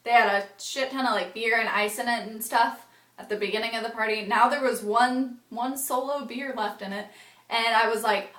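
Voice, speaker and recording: A young woman with a fairly high voice rambles through a casual vlog story, dropping "like" every few words and swearing freely. The recording has a noticeable roomy echo, as if she is talking in a bare room. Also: fairly even intonation, moderate pace, fairly bright tone. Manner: rambling, frequent "like" fillers and swearing. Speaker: vlogger. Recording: echoey room.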